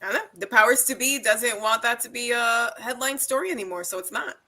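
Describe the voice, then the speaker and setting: Bright-voiced woman co-host. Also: on the high side, fairly quick. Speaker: podcast co-host. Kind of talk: casual chat. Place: live podcast studio.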